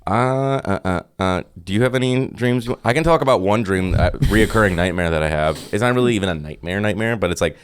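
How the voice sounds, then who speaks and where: A man with a very low, smooth, resonant voice chats casually on a podcast. He talks haltingly, often pausing to search for the right word. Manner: halting, hesitant, searching for words. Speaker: podcast co-host. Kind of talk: casual chat.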